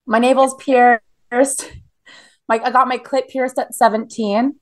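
A woman's voice: on the high side, flat delivery, slow pace. A woman in her thirties from Canada, telling blunt, profane stories in a casual interview with lots of "like" fillers. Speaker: guest.

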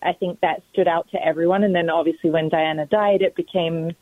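A woman with a British accent, a guest in a radio interview, relaxed and agreeable, often saying like. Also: lowish voice, brisk, no echo. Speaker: guest, company executive. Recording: tinny phone line.

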